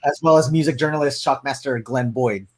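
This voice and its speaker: A man's voice: medium pitch, a little fast. A man hosting a casual interview, giving brief encouraging replies and reading out career facts to his guest.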